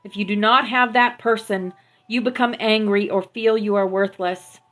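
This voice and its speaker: A woman hosting a spiritual live stream, gently affirming her viewers and reading out teachings through a phone mic. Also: mid-range voice, fairly even intonation, moderate pace. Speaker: spiritual livestream host. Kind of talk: spiritual livestream talk to viewers.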